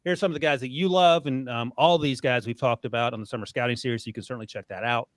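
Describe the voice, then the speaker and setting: Man, mid-pitched, dry close sound, casual sports chat, teasing, laughs a lot. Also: steady tone, a bit bright, dry recording. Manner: quick, laughs often, teasing. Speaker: podcast co-host.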